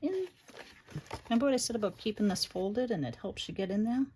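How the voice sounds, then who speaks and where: A woman's voice: mid-range voice, expressive, a little fast, slight background noise. A middle-aged woman hosting a chatty livestream craft tutorial, reading viewer comments aloud between steps. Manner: chatty, warm toward her daughter and viewers, reads chat aloud.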